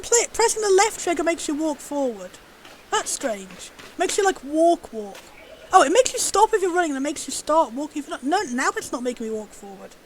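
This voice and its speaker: Bubbly high-voiced woman streamer. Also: a little hiss or hum, rough recording. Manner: bubbly, gushing, easily excited. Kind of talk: live gameplay commentary.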